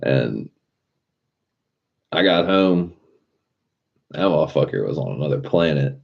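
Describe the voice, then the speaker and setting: A man's voice: very deep voice, lively intonation, measured pace, vocal fry. A young man chatting casually on a live stream, telling a loose, profane story with frequent chuckles. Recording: dull lo-fi sound with faint music behind.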